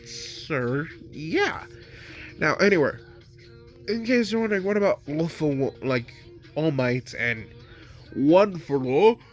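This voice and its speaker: A man's voice: mid-range voice, a bit bright. A man with a stuffy nose, casually narrating his own fan story, rambling and loaded with fillers.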